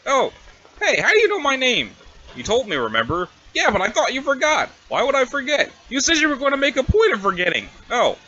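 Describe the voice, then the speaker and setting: A man's voice: very high-pitched, wildly swooping pitch, fairly quick, pushed and bright, lo-fi sound, full character voice. A man voicing a smug, playful teenage alien troll girl in a webcomic reading, with a teasing, sing-song manner. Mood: eager. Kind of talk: reading a webcomic aloud with voices.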